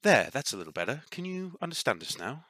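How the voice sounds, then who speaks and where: A man voicing a gentle, polite female willow dryad who talks softly, apologetic and a little condescending. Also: mid-range voice, very animated, fast, no room sound, studio quality, voice pushed up. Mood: kindly. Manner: soft, apologetic, slightly condescending.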